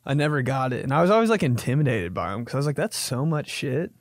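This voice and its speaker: Animated young man riffing comedically. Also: medium pitch, rapid-fire, no echo, studio quality. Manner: animated, jokey, acts out silly voices. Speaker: podcast host. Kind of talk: comedic monologue.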